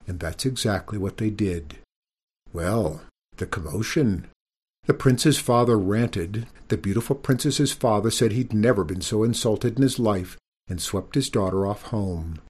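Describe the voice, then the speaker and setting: A man reading a children's story aloud, expressive and giving each character a voice. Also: on the low side, a little slow, breathy edge.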